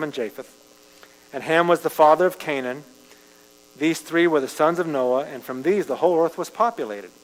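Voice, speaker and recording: A man preaching a sermon, reading scripture and then talking it through in a conversational way, rising for emphasis. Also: medium pitch. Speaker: pastor. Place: church sanctuary. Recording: live church stream with long reverb and mains hum.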